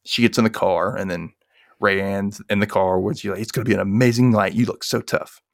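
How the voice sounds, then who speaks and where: Man, low-pitched, podcast host, animated retelling, dry close sound. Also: brisk, creaky, no room sound. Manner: animated retelling, acting out quotes. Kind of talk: casual recap chat.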